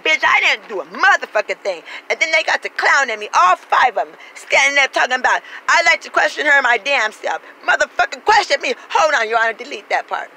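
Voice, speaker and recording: High-pitched and bright, her forceful voice swings widely in pitch as she talks briskly with few pauses. She's a sassy, street-talking woman spinning a profane comic tale, cursing nonstop and performing each quoted voice. The audio quality is poor.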